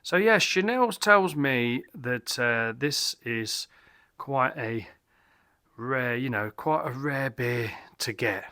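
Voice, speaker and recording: A man's voice: medium pitch, expressive, slow, pushed and bright, dry recording, clean studio sound. A man from England hosting a casual beer review vlog from his home pub, chatty and rambling, enthusiastic and tripping over German names. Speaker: beer reviewer, channel host.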